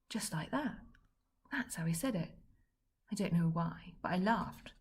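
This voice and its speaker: Brief: woman storybook reader, low, raspy and gravelly, wry delivery. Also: normal speed. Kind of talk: children's book reading.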